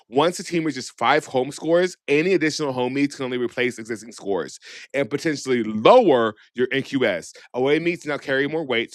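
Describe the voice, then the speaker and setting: A man hosting a casual chat podcast in a sassy, gossipy way, cursing freely. His voice sits in a middling range. The sound is dry and close, with no room echo. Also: mid-range voice. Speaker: podcast co-host.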